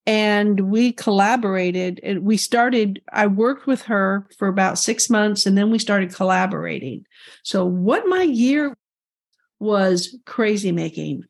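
An older woman from California talks through her past as an interview guest, chatty and animated, acting out what people said to her. Her voice sits at a middling pitch. She comes through a remote call. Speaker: guest, energy healer. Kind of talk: storytelling interview.

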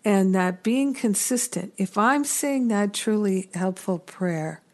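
A middle-aged woman hosting a reflective spiritual teaching talk, earnest and unhurried, with gentle self-deprecating asides. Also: mid-range voice. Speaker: spiritual teacher and podcast host.

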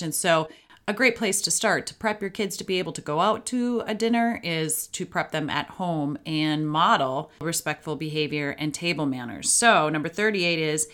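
A woman hosting her own podcast, speaking with a somewhat low voice. She coaches listeners in a matter-of-fact, upbeat way, plain and practical. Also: normal speed, fairly bright tone. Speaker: podcast host and parent coach. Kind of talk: solo podcast talk.

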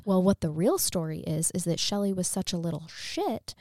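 A woman's voice: fairly low pitch, moderate pace, hardly any pauses, no echo. Woman, podcast host, casual storytelling, wry asides, dry close sound. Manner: animated, wry, retells case with asides. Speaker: true crime podcast host.

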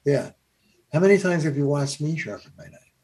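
A man voicing an old master cook who questions his pupil with calm bluntness. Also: a little high, brisk, lightly acted. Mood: teasing.

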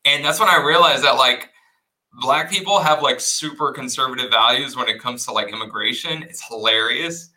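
A man's voice: mid-range voice, normal speed, low-quality recording. A young man from South Texas, a guest comedian, telling stories in casual chat with many restarts and fillers. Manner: animated storyteller, many likes and restarts.

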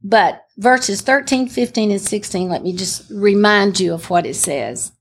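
A woman's voice: medium pitch, unhurried, few pauses, slightly rough. An older woman sharing a personal faith testimony in an earnest, emphatic storytelling way. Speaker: testimony speaker.

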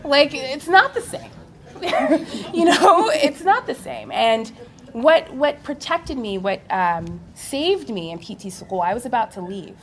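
A young adult woman on a live panel, telling her story in an animated way and laughing often. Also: high voice, takes it slowly. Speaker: physical therapist on a panel.

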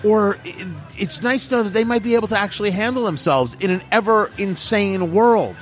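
A man's voice: high-pitched, a little fast, soft background music. A middle-aged man, a radio host, chatting casually with blunt, emphatic opinions. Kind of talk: casual chat.

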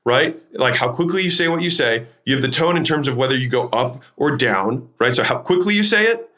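A man hosting his own podcast, teaching sales techniques in an emphatic, energetic way, shifting his tone and pace to make points. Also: medium pitch, fairly quick. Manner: energetic, emphatic, varies tone to demonstrate. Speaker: podcast host.

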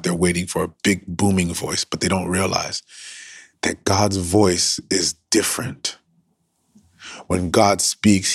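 A man with a very low, gravelly, husky voice preaches as a pastor. He speaks earnestly and sometimes drops to a hushed whisper to stress a point. The sound is dry and close. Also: dry recording. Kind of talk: sermon.

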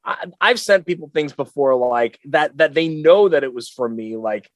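A man's voice: fairly high pitch, lively intonation, moderate pace, no room sound. A man co-hosting a podcast, chatting casually in a rambling, laid-back way with lots of fillers. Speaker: podcast co-host. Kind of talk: casual chat.

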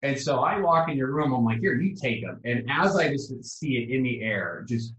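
A man talking as a guest in a casual chat, telling stories in a relaxed way. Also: mid-range voice, normal speed, roomy sound, slight background noise, poor audio.

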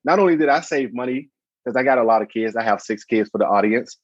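A man's voice: fairly low pitch, breathy edge, no echo, highs cut off. A man in his thirties, a podcast guest and founder, telling a story casually and acting out the voices in his anecdotes. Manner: animated, acts out voices in anecdotes.

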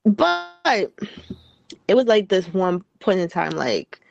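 A woman's voice: mid-range voice, slow, creaky, dull audio, faint music behind. A woman co-hosting a podcast, telling candid stories with slang in casual banter. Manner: candid, animated storytelling with slang. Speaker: podcast co-host.

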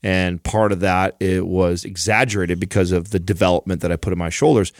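A man's voice: deep voice, little pitch movement, brisk, no echo, clean studio sound. A man co-hosting a podcast, telling a rambling, self-mocking story in casual chat. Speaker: podcast co-host.

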